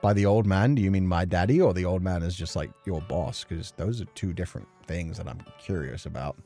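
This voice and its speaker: A woman's voice: extremely low pitch, fairly quick, mellow, faint music behind. A woman streaming a game, chatting casually and giggling between lines. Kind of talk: casual let's play commentary.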